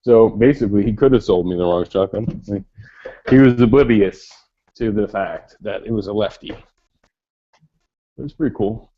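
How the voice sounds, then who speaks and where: A man's voice: lowish voice, normal speed. A man from New York rambling in a casual voice chat, profane and full of "like". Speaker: chat participant. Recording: lo-fi voice chat audio.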